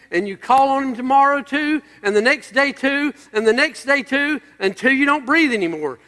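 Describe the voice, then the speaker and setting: A man's voice: extremely high pitch, fairly bright tone, big-room sound. A male pastor preaching a sermon, emphatic and building through repeated phrases.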